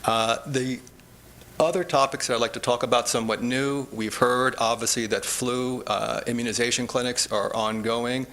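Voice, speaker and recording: A man, a public health officer, giving a steady, explanatory report to a board meeting. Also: medium pitch, normal speed. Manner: steady, explanatory, repeats "again". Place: meeting room.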